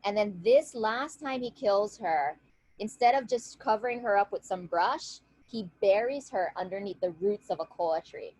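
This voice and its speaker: At a moderate pace, this storyteller and guest speaker shares a legend with listeners on a video call, keeping it conversational and lively with frequent "right?" check-ins. Her voice sits in the mid range. There's no room sound, but the audio is poor.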